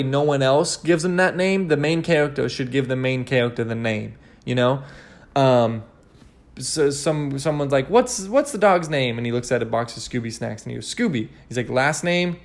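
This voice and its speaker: A young man hosting a casual solo podcast, rambling and cursing with many restarts as he rants animatedly. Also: fairly high pitch. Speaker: podcast host.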